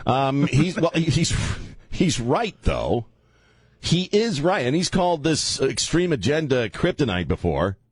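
Blunt, rambling talk radio host. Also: male voice, medium pitch, measured pace, breathy edge, no echo. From Louisiana. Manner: blunt, rambling, animated, swings loud. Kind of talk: opinionated talk radio monologue. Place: radio studio.

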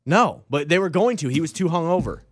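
A man chatting in loose radio banter, his pitch bouncing up and down as he spins stories. His voice sits a little high and sounds dry and close to the mic. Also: a little fast, dry recording. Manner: animated storytelling, lively pitch.

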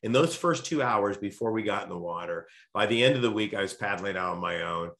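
A man telling a lively personal story in a casual chat, often restarting his sentences. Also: fairly low pitch, fairly quick, gravelly. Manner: animated storyteller, frequent restarts. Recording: roomy echo.

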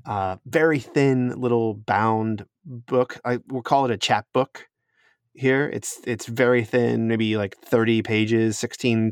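A man's voice: on the low side, dry recording, studio quality. A man running a tabletop game as game master, narrating scenes in a descriptive, easygoing way and laughing often.

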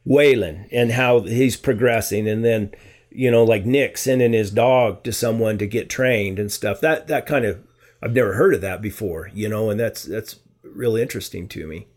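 A man talking casually as a podcast guest, halting and repeating words, often trailing off softly. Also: fairly low pitch.

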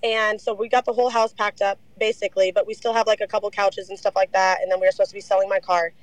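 A young woman telling her story in a casual interview, animated, saying "like" a lot and swearing freely. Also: mid-range voice, fast talker, no room sound, poor audio.

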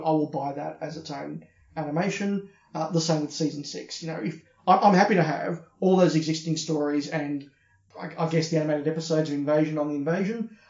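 Australian man, fairly high voice, casual podcast chat, opinionated, echoey dull room recording. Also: a little mellow. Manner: chatty, opinionated, repeats words when starting. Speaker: podcast co-host. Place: hotel room.

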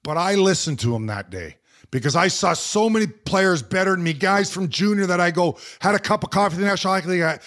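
Guy in his 40s, ex hockey player, kinda high voice, tells stories fast and stumbles over words. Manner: animated anecdote, quoting others, repeated restarts. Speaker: retired hockey player, guest. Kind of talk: storytelling in a casual interview.

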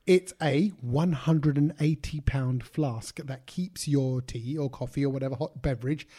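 A man's voice: mid-range voice, a little slow, warm tone. A man co-hosting a podcast in casual chat, jokey and rambling, laughing at his own jokes. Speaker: podcast co-host.

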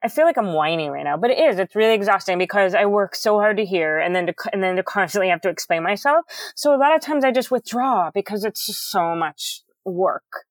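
A middle-aged woman guest in a casual interview, talking candidly with a loud, booming voice and careful enunciation. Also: expressive, fairly quick, hardly any pauses, dry recording.

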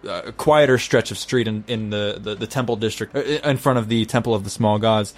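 A man's voice: lowish voice, fairly quick, soft background music. A man narrating a tabletop game as game master, chatty and full of fillers.

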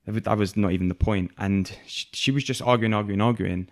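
A man's voice: on the low side, fairly even intonation, fast talker. A young man speaking candidly as a podcast guest, reflective and full of fillers and restarts.

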